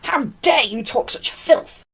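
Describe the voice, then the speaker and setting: A man voicing a flustered young housemaid in a high, indignant falsetto. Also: fast talker, vocal fry, darkish tone. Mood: outraged.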